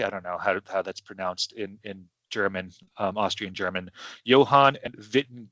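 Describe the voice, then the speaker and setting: A man's voice: on the low side, steady tone, normal speed, pushed and bright, no echo. A man hosting a podcast in casual chat, rambling and hesitant with many restarts. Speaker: podcast host. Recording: dull lo-fi sound.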